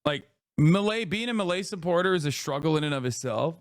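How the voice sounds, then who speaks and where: A man's voice: on the high side, lively intonation, fairly quick, no room sound, clean studio sound. A man in his thirties giving sarcastic, joking live-stream commentary as he reacts to a clip. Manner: sarcastic, joking, laughs often.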